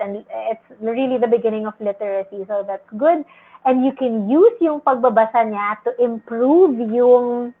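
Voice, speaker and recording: A Filipino woman speech therapist answering parents on a livestream, gently explaining and mixing languages, sometimes acting out a parent's lines in a high exaggerated voice. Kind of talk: livestream Q&A advice. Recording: tinny phone-like livestream audio.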